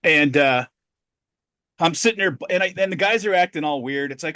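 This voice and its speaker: A man's voice: a little high, a little fast, pushed and bright, no room sound, clean studio sound. Profane, storytelling middle-aged man. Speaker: podcast co-host. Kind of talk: casual podcast chat.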